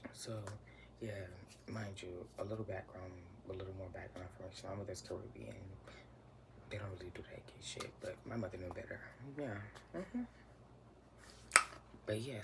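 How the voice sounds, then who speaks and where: A young man tells a personal story in a chatty, slangy way, often sinking into a near whisper. His voice sits a bit low with a gravelly edge. Steady background noise runs under the recording. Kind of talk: casual storytime. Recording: noisy room ambience.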